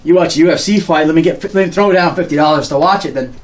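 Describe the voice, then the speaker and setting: A man's voice: on the high side, fast talker, a little hiss or hum. A man co-hosting a podcast in casual, slangy chat, acting out little voices and laughing as he tells stories. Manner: animated, slangy, acts out voices and laughs often. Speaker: podcast co-host.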